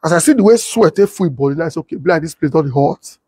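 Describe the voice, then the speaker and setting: High husky Nigerian Pidgin storyteller. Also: male voice, very fast, no room sound. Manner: animated, laughs often, mimics sirens. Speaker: comedian storyteller.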